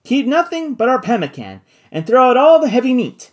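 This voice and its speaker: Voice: medium pitch, sing-song, a little fast, a little mellow, voice pushed up, natural voice. A reader voicing a resolute Victorian doctor in an audiobook, speaking in a commanding, urgent way. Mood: tense. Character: resolute Victorian doctor leading a balloon voyage. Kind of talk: audiobook character voice.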